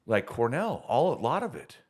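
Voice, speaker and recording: A middle-aged man co-hosting a casual podcast, talking in an animated, emotional way. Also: medium pitch, normal speed, slightly rough. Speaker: podcast co-host. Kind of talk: casual chat.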